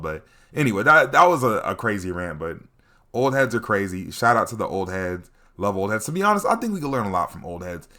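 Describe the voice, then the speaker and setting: Brief: young adult male vlogger, animated comedic storyteller, bright voice. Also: sits low. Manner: animated, laughing, repeats catchphrases.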